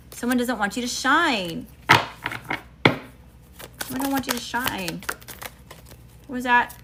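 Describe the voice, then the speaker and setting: Her voice is medium-pitched with a sharp tone. This Southern-accented tarot reader from Mississippi gives her viewers a chatty, emphatic reading full of slang, frequently saying "y'all" and "okay?".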